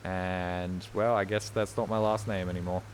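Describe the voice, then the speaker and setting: Aussie dude rambling on stream, jokey, chatting w chat. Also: male voice, deep voice, little pitch movement, moderate pace, a little hiss or hum. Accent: Australian. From Australia. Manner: rambling, joking, chatting to viewers. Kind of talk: casual chat while gaming.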